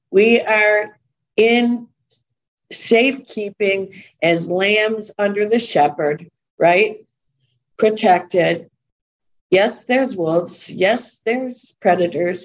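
A woman preaches in an unhurried, measured way. Her delivery is earnest and conversational, and she often repeats her points for emphasis. Her voice sits at a middle pitch for a woman. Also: poor audio. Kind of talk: sermon.

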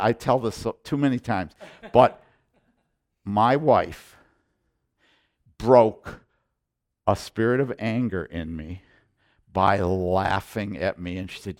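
A middle-aged man preaching with intensity, hammering his points through repetition and quick restarts. His voice sits in a middle pitch, and he delivers the sermon in an emphatic, direct way. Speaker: pastor.

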